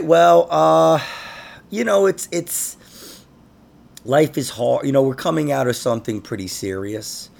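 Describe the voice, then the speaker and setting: A man's voice: lowish voice, vocal fry. A man hosting a comedy podcast, chatting casually and laughing often as he tells stories. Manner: laughs often, animated storytelling. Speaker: podcast host.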